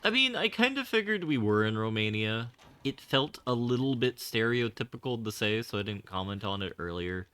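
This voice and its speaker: A man's voice: medium pitch, lively intonation, normal speed, bright, forceful tone, clear, resonant tone. A man streaming a game, talking casually with rambling, wry and sarcastic asides and casual swearing. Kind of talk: casual gaming livestream commentary.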